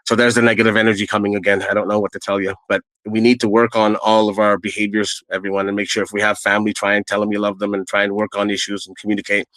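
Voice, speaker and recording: A man's voice: on the low side, little pitch movement, fast talker, few pauses, a bit bright, no echo, rough recording. A middle-aged man telling his own stories in a casual, earnest, rambling way, with plenty of fillers. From Canada. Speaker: storyteller guest. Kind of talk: casual first-person storytelling.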